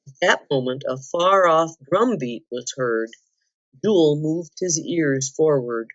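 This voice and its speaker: A woman reads a children's novel aloud at a calm, measured pace. Her voice sits fairly low, heard close and dry, and the recording sounds slightly muffled. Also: dry recording. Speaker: volunteer reader. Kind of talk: storybook read-aloud.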